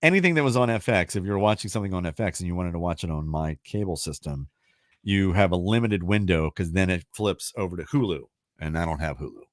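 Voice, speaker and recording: A man's voice: sits low, fast talker, no room sound, clean studio sound. A man hosting a radio show, chatting casually and rambling, then reading out a trivia question. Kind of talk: casual chat and trivia quiz.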